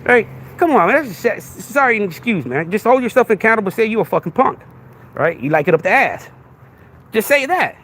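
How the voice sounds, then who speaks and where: A man's voice: high-pitched, big pitch swings, brisk, fairly bright tone, slight background noise. A man, hosting a podcast livestream with a crude, confrontational rant that keeps asking "right?". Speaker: podcast host.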